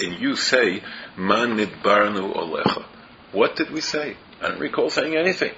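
A lowish, creaky voice with a bright, forceful tone belongs to a man teaching a Torah class. He explains verses, regularly poses rhetorical questions, and blends Hebrew and Yiddish into his English, heard through a dull, faintly noisy lo-fi recording.

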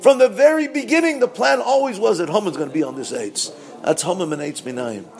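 A man teaching a Purim Torah talk, asking rhetorical questions and answering them, swinging between loud bursts and low asides. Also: lively intonation, a little fast, creaky.

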